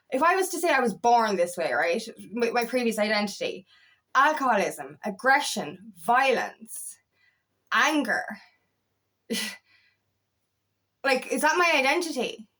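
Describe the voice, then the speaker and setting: A woman's voice: fairly high pitch, a bit bright. A woman, a feminine empowerment coach, talking candidly and confessionally, swearing freely and restarting her sentences often. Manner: raw, swearing, rambling and confessional with many restarts. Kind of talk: candid motivational monologue.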